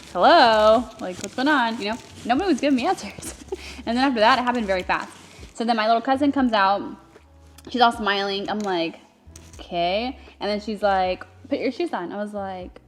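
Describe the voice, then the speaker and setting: A young adult woman co-hosting, telling a story casually and animatedly, laughing often and getting emotional. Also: on the high side. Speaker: co-host recounting her engagement.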